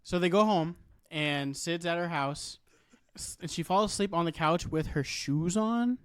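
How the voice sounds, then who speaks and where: Smooth-voiced man recapping a movie. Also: fairly high pitch, measured pace, fairly bright tone, dry recording, clean studio sound. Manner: recaps scenes, quoting lines. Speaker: podcast co-host. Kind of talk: casual chat retelling a movie plot.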